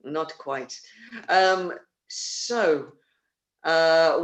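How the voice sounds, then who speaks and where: A high, slightly bright male voice moves at a measured pace as he hosts an online theatre stream. Chatty and meandering, this company host delivers casual announcements over a video call, stumbling into fillers and restarts along the way.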